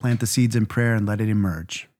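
A man speaks in an earnest, reflective way. His voice sits a little low. He builds his stories in rhythmic lists. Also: steady tone, fairly quick, a little mellow. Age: 40s. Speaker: podcast co-host. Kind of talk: reflective faith conversation.

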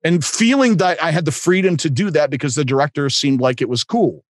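A man tells showbiz anecdotes with animation and acts out the other voices. His voice sits slightly high, and the recording is close and dry. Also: fairly quick, dry recording. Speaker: guest, improv and voiceover actor. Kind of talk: anecdotal storytelling.

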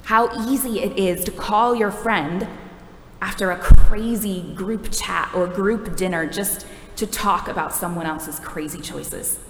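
A woman's voice: medium pitch, measured pace, fairly bright tone, a little hiss or hum. A woman preaching a sermon in a conversational, wry, self-deprecating way. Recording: echoey hall from a distance.

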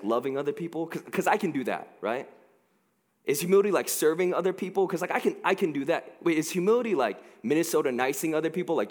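A man preaching a casual, joking sermon into a headset mic, talking in an animated way with lots of fillers. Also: mid-range voice, long reverb tail.

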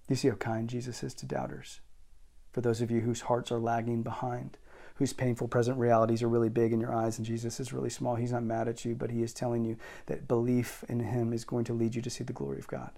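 Man, pastor, sermon, emphatic, mid-pitched voice, intense to hushed. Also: steady tone, fast talker, creaky. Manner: emphatic, moving between intense and quiet.

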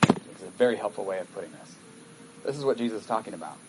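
A man's voice: fairly low pitch, expressive, fast talker, heavy background noise. A male pastor giving a sermon in a conversational way, reading scripture aloud and breaking off to comment on it. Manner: conversational, reads scripture aloud with acted asides.

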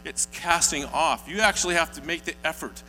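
A man's voice: fairly high pitch, fairly quick, pushed and bright, faint music behind. A man preaching a sermon, telling stories earnestly and building to emphatic peaks. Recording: hall reverb with faint mains hum.

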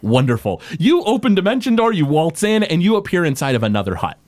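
A man's voice: fairly high pitch, very animated, quick pace, a little mellow, no room sound. A man narrating as game master of a tabletop game, loose and chuckling, with frequent hesitations.

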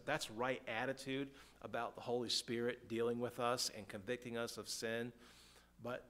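A man preaching a sermon as pastor, questioning the congregation and swinging between quiet, slow prayer and loud, emphatic points. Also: medium pitch. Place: church.

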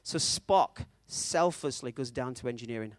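Chatty preacher, dry sound. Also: male voice, medium pitch, expressive, moderate pace, no room sound. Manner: chatty, checks in often with the audience, self-mocking. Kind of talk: conversational sermon with storytelling.

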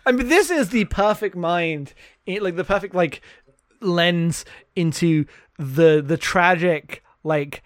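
A man co-hosting a podcast, mocking a book in casual comedic chat and putting on quick voices when he quotes its characters. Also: high-pitched, no room sound, clean studio sound. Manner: sarcastic, laughing, mock-quoting characters. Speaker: podcast co-host.

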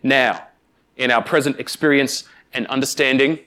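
Emphatic male preacher, slow deliberate pauses. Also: a little high, lively intonation, a bit bright. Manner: emphatic, deliberate pauses, direct address to congregation. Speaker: pastor. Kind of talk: sermon.

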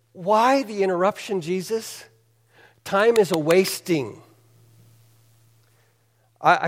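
A man's voice: fairly high pitch, in a large hall. A male pastor preaching a sermon in an earnest, conversational, emphatic way.

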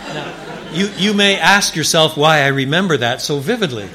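A man preaching a sermon in a church, animated and building to emphatic declarations. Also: fairly high pitch, moderate pace, background noise. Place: church before a congregation.

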